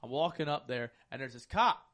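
A man telling a story in casual chat on a podcast, animated and profane, acting out the people in it. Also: medium pitch, a little fast. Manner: animated, profane, acts out other people's lines.

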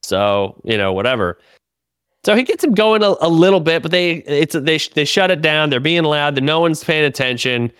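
A man, a comedian and podcast host, telling a story in casual chat, animated and full of swearing and restarts. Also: fairly high pitch, normal speed, few pauses, clean tone, no echo, studio quality.

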